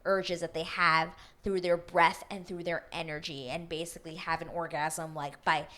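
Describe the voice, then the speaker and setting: A woman recaps a reality dating show in a loose, gossipy chat. Her voice sits slightly low. She swears freely and drops into quick impressions of the cast as she goes. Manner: gossipy and animated, swears freely, acts out cast members' lines. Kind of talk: casual chat.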